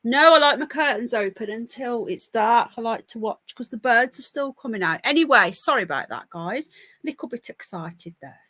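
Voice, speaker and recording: Bright-voiced chatty woman. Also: fairly high pitch, expressive, moderate pace, no echo. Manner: chatty, rambling, easily distracted. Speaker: podcast host reading news. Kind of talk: casual live news chat. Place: home by a window. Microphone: laptop mic.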